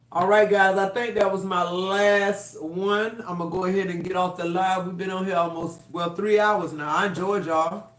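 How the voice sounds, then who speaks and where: A woman's voice: lowish voice, normal speed. A woman doing a live-stream tarot reading, blunt and profane, with fired-up, emphatic delivery. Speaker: tarot reader. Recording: roomy echo.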